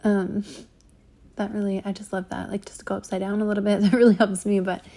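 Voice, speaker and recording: A woman reading and commenting on a channeled spiritual transmission, speaking haltingly with many ums and likes and a slightly shaky voice. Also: medium pitch, little pitch movement, mellow. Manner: halting, full of ums and likes, trips over words.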